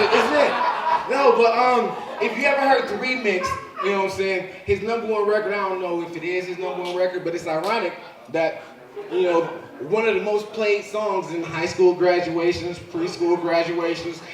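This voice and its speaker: A man in his forties performing a live stand-up comedy set, profane and punchy. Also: high-pitched. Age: 40s. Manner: profane, loud punchy delivery with frequent "you know what I'm saying". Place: comedy club stage with audience laughing. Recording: roomy live club sound from a distance.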